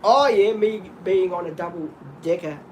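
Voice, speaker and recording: A middle-aged Australian man rambling through animated stories in casual chat, often laughing. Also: high-pitched, measured pace, a little hiss or hum, low-quality recording.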